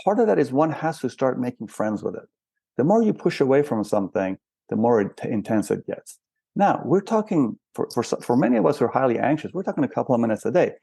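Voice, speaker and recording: Older man, gravelly voice, dry close sound, reflective guest, patient explanations. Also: medium pitch, big pitch swings, quick pace, mellow, no echo. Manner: explains patiently with rhetorical questions. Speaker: spiritual counselor and healer, interview guest. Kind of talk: reflective interview talk.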